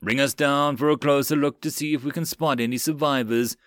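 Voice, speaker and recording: A man's voice: medium pitch, steady tone, brisk, a bit bright, no room sound, close to an everyday voice. A composed elf crew chief, read by a male narrator, issues short, matter-of-fact commands. The voice sits near the narrator's own and is recorded close and dry. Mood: commanding. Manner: curt orders.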